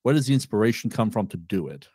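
Low-voiced male podcast host. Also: very animated, quick pace, a little mellow, husky, no room sound, clean studio sound. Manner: plain, direct questioning. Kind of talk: interview questions.

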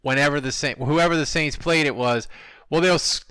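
A man's voice: a little high, moderate pace, sharp tone, clean tone, dry recording. A man hosting a podcast, chatting casually and animatedly with his co-hosts. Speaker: podcast host. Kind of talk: casual chat.

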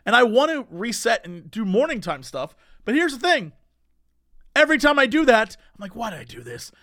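A young man with a high, bright, forceful voice tells a story in casual chat. He is animated and slips into voices for the people he quotes. The sound is dry and close. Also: moderate pace, dry recording.

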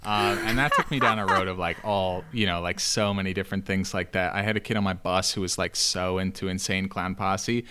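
Rambling low-voiced man. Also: steady tone, fairly quick, hardly any pauses, bright, forceful tone, a little hiss or hum. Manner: rambling, full of "like" and "um". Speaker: podcast guest. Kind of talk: casual comedy chat.

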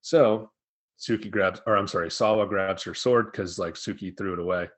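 A man co-hosting a casual podcast, recapping an anime episode in a profane, animated storytelling manner. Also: low voice, normal speed, slightly rough. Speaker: podcast co-host.

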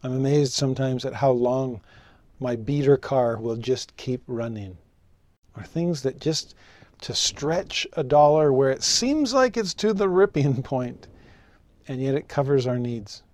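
A man teaching a scripture lesson, telling personal stories with animation and slowing down to read verses solemnly. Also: no echo. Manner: expressive, rises in pitch for rhetorical questions.

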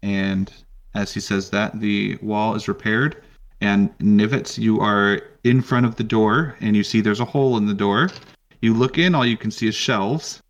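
A man narrating a tabletop game as game master in a relaxed way, with frequent ums. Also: lowish voice, unhurried.

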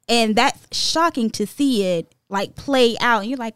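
A woman's voice: on the high side, unhurried, few pauses, clean tone, no echo, clean studio sound. A woman co-hosting a casual chat, reflective and quoting others playfully.

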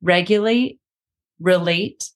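A woman's voice: on the low side, takes it slowly. A woman hosting a parenting podcast who speaks directly to her listener and calls them friend. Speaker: podcast host and parenting coach. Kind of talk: scripted podcast talk.

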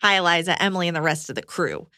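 A woman's voice: lowish voice, racing, pushed and bright, dry recording, clean studio sound. A young woman co-hosting a podcast who reads listener letters aloud and chats in an easygoing way, often laughing. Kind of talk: reading letters and casual chat.

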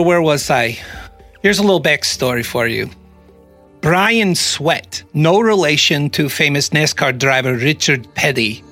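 A man with a slightly breathy voice hosts a podcast, moving between loose banter and a true-crime story. He drops dry, sarcastic asides as he goes. Faint music sits under the talk. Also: a little high, fairly bright tone. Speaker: podcast host.

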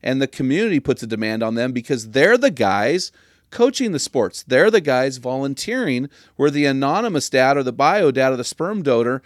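A man's voice: mid-range voice, big pitch swings, normal speed, dry recording, studio quality. A man hosting a podcast, speaking in an earnest, preachy and emphatic way. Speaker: podcast host. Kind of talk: casual podcast conversation.

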